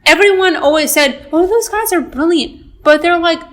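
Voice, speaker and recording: A young woman with a high voice co-hosts a casual podcast. She explains things eagerly, talking fast in bursts with plenty of fillers. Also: fairly bright tone. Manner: enthusiastic explainer, filler-heavy. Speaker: podcast co-host. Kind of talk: casual chat.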